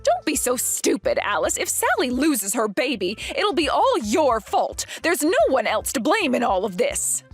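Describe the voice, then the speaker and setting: A woman's voice: high voice, big pitch swings, moderate pace, few pauses, husky, soft background music, exaggerated voice. A woman voicing a possessive, domineering mother-in-law. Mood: accusing. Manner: indignant and accusing. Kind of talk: voiced animated story drama.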